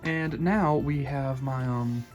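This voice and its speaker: A man's voice: mid-range voice, slow pace, dull audio, faint music behind. A young man with a Southern accent giving a casual, rambling room tour in his bedroom, full of fillers and restarts.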